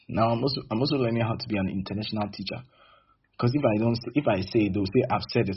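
A man's voice: on the low side, quick pace, husky, muffled recording. A man preaching a sermon emphatically, acting out little dialogues between people as he teaches.

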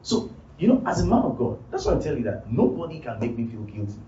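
A man preaching a sermon as pastor, repeating his points and building up to shouted emphasis. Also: mid-range voice, very animated, fast, a little hiss or hum. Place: church hall. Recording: roomy, distant, dull live church sound. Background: music and congregation.

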